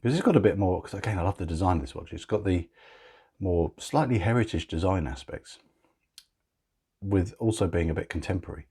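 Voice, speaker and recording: A man's voice: low voice, brisk, warm tone, slightly rough. A man narrating a casual watch review, chatty and gushing with enthusiasm.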